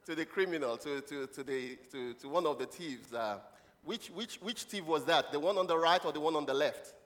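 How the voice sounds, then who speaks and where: A man's voice: on the high side, lively intonation, unhurried, a bit bright. A man preaching a children's sermon, leading the congregation in call-and-response and quizzing them with questions and laughs. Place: church hall. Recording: long hall reverb.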